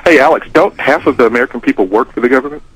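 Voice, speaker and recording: A man on a radio talk show asking quick, apologetic questions. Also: mid-range voice, a bit bright, breathy edge, rough recording.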